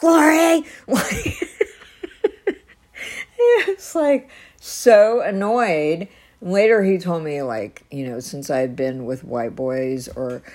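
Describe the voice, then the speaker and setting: A woman's voice: low-pitched, a little mellow. A woman telling a personal story in a casual, rambling way, with many restarts and fillers.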